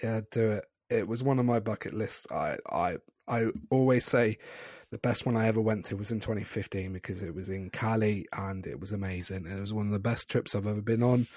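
A man's voice: fairly low pitch, a little mellow, no echo, clean studio sound. A British man hosting a podcast, chatting casually and rambling with apologetic digressions. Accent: British English. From Britain. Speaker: podcast host.

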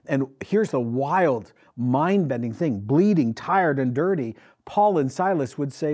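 A male pastor delivers a sermon with lively, swinging intonation. His voice sits a little high and carries a husky edge. He talks emphatically and keeps turning to his congregation with questions. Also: measured pace, hardly any pauses. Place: church with a congregation.

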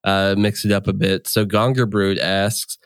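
A man's voice: on the low side, flat delivery, unhurried, smooth, no room sound. A man hosting a casual podcast chat, reading listener questions and laughing often. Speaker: podcast host and game master.

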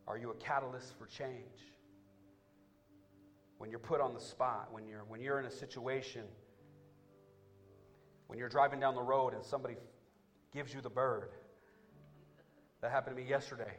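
A man preaching a sermon as pastor, talking straight to his church and building to loud, fervent climaxes. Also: medium pitch, steady tone, normal speed, long pauses, faint music behind. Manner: calls out to the congregation.

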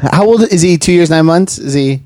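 A man's voice: on the high side, a little fast, a little mellow, no room sound. A man and former teacher on a podcast, blunt and joking while giving advice. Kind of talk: casual podcast chat.

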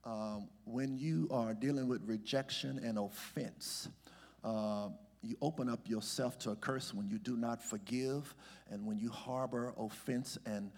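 A man's voice: medium pitch, fairly even intonation, measured pace, a little mellow, slightly rough. A man, a senior pastor, preaching a sermon and reading scripture, having the congregation repeat words after him. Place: church sanctuary. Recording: reverberant church hall with music behind.

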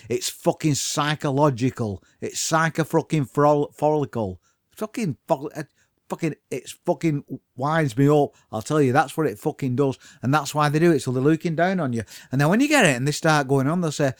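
Middle-aged man, profane comedic rant, exasperated, lively pitch. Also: no room sound, studio quality. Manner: sweary, exasperated, riled-up ranting. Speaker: comedic ranter.

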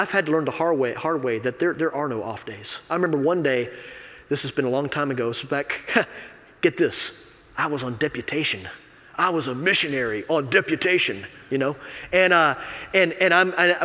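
An assistant pastor preaching a sermon in a conversational, confessional way, swinging from quiet asides to loud emphasis. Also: male voice, on the high side. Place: church sanctuary. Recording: long reverb of a church hall.

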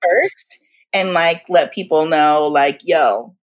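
Forties woman telling stories in an interview, lowish voice, slangy, acts out every line people said. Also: moderate pace. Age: 40s. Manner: animated, slangy, acts out quotes. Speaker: guest. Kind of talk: storytelling in a casual interview.

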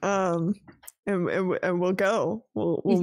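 A woman's voice: lowish voice, takes it slowly, a little mellow, no room sound, studio quality. A woman playing in an improvised tabletop game, talking hesitantly with many restarts. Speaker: player. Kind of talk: improvised tabletop role-play.

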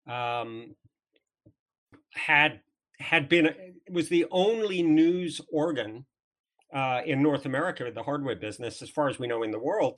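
A man's voice: medium pitch, a bit bright. A man from England with a southern English accent, a guest telling stories in a podcast interview, full of restarts and fillers. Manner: rambling, many restarts and fillers. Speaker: interview guest, former trade magazine editor.

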